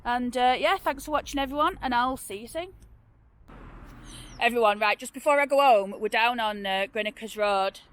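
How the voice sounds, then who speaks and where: A woman's voice: on the high side, moderate pace, fairly bright tone. Chatty Northern English woman telling ghost tales. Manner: chatty, rambling, with many fillers and restarts. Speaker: vlogger telling ghost stories. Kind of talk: casual storytelling on location. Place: outdoors by a road.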